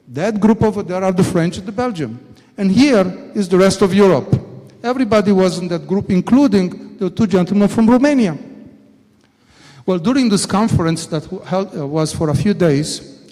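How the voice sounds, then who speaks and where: A man's voice: sits high, dark tone. An older man, a company executive, giving a storytelling talk at a summit and acting out quoted dialogue as he goes. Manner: anecdotal, acts out quoted dialogue. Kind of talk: storytelling speech. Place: conference hall. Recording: long hall reverb.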